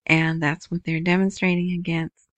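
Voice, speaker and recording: Kinda low-voiced woman talking slow about the news, dry close sound, keeps saying right?. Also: little pitch movement, no room sound. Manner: chatty, asks "right?" often, slow and unhurried. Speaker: video host. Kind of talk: casual news commentary.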